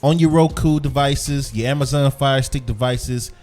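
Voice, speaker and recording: A man's voice: mid-range voice, moderate pace, a little mellow. A man hosting a sports podcast in a loose, casual chat style, repeating himself, chewing gum as he talks. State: chewing gum while talking. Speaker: podcast host.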